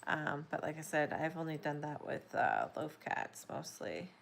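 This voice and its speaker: Woman streamer, lower voice, rambling and drowsy, casual crafting chat. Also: sing-song, a little slow, creaky, slight background noise. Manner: chatty, rambling, apologetic. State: yawning, sleepy. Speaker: crochet livestream host. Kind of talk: casual livestream chat while crocheting.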